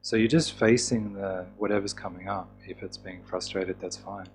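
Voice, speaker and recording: Low-voiced man teaching, soft music behind. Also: moderate pace. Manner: relaxed, with fillers and restarts. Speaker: EFT teacher. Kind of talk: casual teaching talk.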